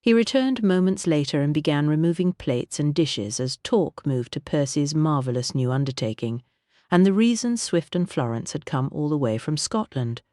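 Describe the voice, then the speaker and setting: A measured audiobook narrator reading a classic country-house mystery in an even storytelling voice. The pitch is middling and the recording is dry and close, with no room around it. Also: dry recording. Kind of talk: scripted narration of a mystery novel.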